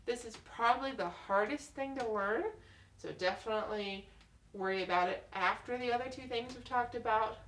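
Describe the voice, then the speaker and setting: A woman's voice: mid-range voice, fairly bright tone, recorded from a distance. A young woman tutoring on study skills in a casual, chatty way, often checking in with "okay?". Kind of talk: casual video tips. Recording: roomy echo, mic set back.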